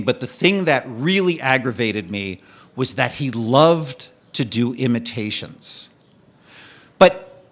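A man telling a personal story as a monologue, with a wry, animated delivery that drops low and quiet for the darker parts.

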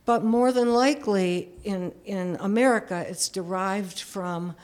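A woman's voice: mid-range voice, a little slow, a little mellow. A woman in her seventies telling a personal story in a candid, self-deprecating way, often chuckling. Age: 70s.

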